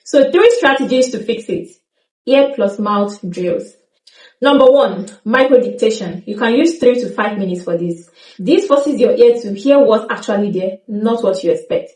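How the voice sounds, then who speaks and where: A woman's voice: fairly high pitch, a little mellow. Woman teaching in a roomy, distant recording. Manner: slow, deliberate demonstration of example phrases. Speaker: language teacher. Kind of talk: scripted lesson narration.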